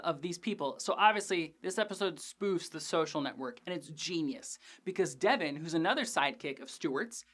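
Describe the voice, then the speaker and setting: Female host, lowish voice, casual profane episode recap with jokey asides. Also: a bit bright. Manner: chatty, profane, joking asides. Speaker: TV after-show host.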